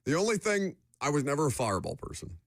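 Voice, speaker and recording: A young adult man hosting a casual sports radio show, joking and rambling with quick asides. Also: fairly high pitch, wildly swooping pitch, dry recording, studio quality. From United States. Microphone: studio microphone.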